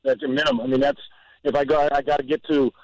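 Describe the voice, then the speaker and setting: A man's voice: medium pitch, little pitch movement, racing, darkish tone, no echo, rough recording. Joking, rambling radio guest, a man. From Southern California. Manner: rambling, jokey, exaggerating with stammered restarts. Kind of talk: casual sports radio banter.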